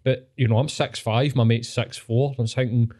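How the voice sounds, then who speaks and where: A man's voice: medium pitch, fairly even intonation, normal speed, darkish tone. Scottish man, podcast host, rambling sweary anecdotes, laughs a lot. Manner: sweary, rambling storyteller who laughs often. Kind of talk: casual chat.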